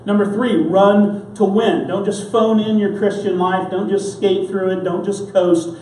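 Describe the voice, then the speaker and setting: A man's voice: high-pitched, level tone, moderate pace, a little mellow, slight background noise. A man pastor preaching an earnest, emphatic sermon, telling stories to drive his points home. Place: church sanctuary. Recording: roomy church sound from a distance.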